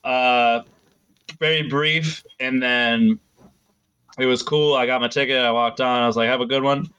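A man's voice: medium pitch, steady tone, measured pace, bright, forceful tone, smooth, highs cut off. A young man telling a story in a casual podcast chat, rambling and full of "like.". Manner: rambling storyteller, heavy use of "like".

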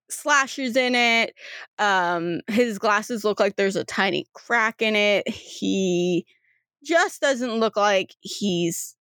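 A woman's voice: mid-range voice, fairly bright tone, dry recording, studio quality. A young woman running a tabletop role-play game, narrating in a rambling way with many fillers. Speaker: game master.

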